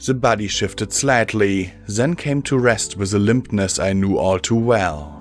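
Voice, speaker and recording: Faint music sits under the narration as a man with a low pitch reads a fan-fiction audiobook aloud. His pacing is deliberate and his tone never wavers.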